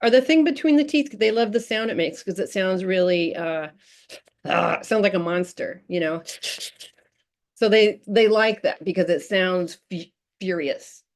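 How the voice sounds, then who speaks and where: A woman's voice: mid-range voice, measured pace. A woman presenting a parenting workshop in an informal, chatty way, with many fillers and restarts.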